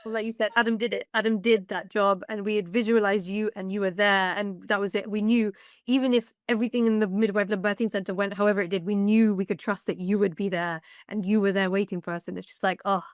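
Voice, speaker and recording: A young woman telling her own story as a podcast guest, lively and emotional, often laughing and acting out what others said. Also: medium pitch, fast, no echo, studio quality. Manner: lively, laughing retelling with quoted dialogue. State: emotional, close to tears. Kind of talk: personal storytelling.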